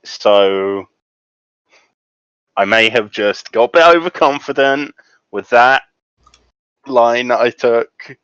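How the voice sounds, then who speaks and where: A man playing a tabletop role-playing game, speaking slowly and hesitantly with many ums. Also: medium pitch, a bit bright, clean tone, no echo. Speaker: player. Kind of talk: casual tabletop play. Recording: dull dry lo-fi mic.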